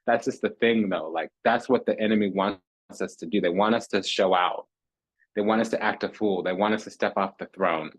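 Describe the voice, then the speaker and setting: A man delivers a tarot reading in a loose, talky monologue. His voice sits a little low and comes out husky. He is sassy and theatrical, calling listeners honey and darling and hammering points home by repeating himself. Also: expressive, fairly quick, rough recording. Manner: repeats phrases for emphasis. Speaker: tarot reader.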